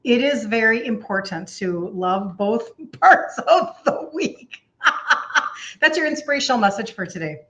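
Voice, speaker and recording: A woman's voice: fairly high pitch, animated, unhurried, fairly bright tone. A woman in her fifties with a Minnesota accent, chatting casually as a health coach on a livestream, laughing often and filling gaps with "um" and "like". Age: 50s. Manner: chatty, laughs often, uses many fillers.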